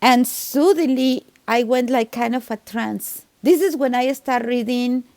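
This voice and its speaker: A woman with a foreign accent telling stories in a casual podcast chat. She talks in an animated way, with sudden pitch jumps and frequent laughs. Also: measured pace, a little hiss or hum. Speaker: medium and tarot reader, guest.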